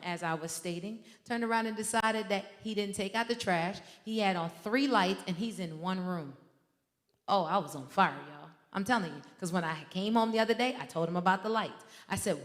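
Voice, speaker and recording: A woman minister preaching a sermon in a fervent, conversational way, breaking into personal stories and addressing the congregation directly. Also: on the low side. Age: adult with a teenage son. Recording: long hall reverb.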